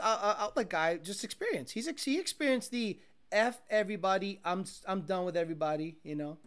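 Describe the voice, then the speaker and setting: Bright-voiced man ranting casually. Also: sits high. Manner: profane, rambling, animated storytelling. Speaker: livestream host. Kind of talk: casual chat.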